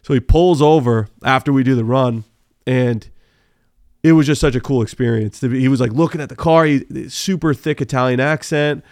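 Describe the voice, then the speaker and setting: Man, gravelly voice, casual storytelling, swears freely, dry close sound. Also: mid-range voice, moderate pace, no echo. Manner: animated, swears freely, many fillers. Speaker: podcast guest, car builder.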